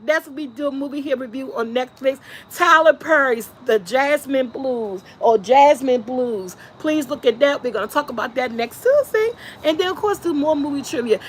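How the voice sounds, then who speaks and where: A woman hosting a casual live stream, lively and laughing often as she talks to her chat. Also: high voice, a little hiss or hum. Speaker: vlog host.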